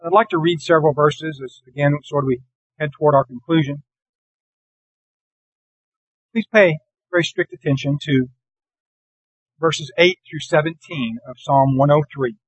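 A man delivers a sermon in a fairly high voice, reading scripture slowly and earnestly. The sound is dry and close, with little room around it. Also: husky, dry recording, poor audio. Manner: earnest, deliberate, slows for scripture. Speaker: preacher.

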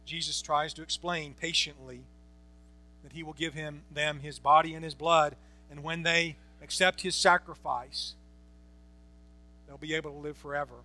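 A man's voice: a little high, level tone, moderate pace, pushed and bright. A man preaching a Bible-teaching sermon, emphatic, repeating phrases and asking rhetorical questions. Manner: asks the congregation rhetorical questions.

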